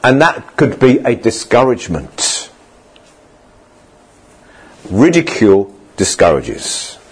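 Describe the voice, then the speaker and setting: A man's voice: on the low side, very animated, slow pace, husky. A man preaching a sermon in a conversational way, now and then acting out quoted voices.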